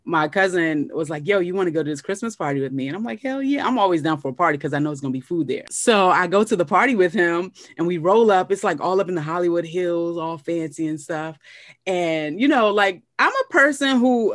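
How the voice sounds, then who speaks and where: A woman's voice: normal speed, dry recording, studio quality. A woman, a guest comedian, telling a story in casual podcast chat. She acts out the quotes, pushing her voice up and down. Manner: animated storyteller, acts out quotes in shifting pitch.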